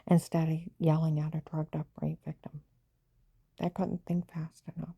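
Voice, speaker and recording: A woman's voice: deep voice, flat delivery, moderate pace, gravelly, husky, dull audio. A woman telling her own story in a rambling personal account, agitated and jumping between events while quoting others.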